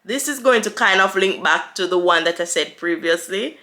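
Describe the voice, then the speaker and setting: A woman's voice: mid-range voice, expressive, bright, forceful tone. A young woman from Jamaica with a Jamaican accent, chatting casually to the camera and answering viewer questions, laughing often. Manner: chatty, laughs often, quick with playful asides. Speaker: vlogger. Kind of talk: casual Q&A vlog.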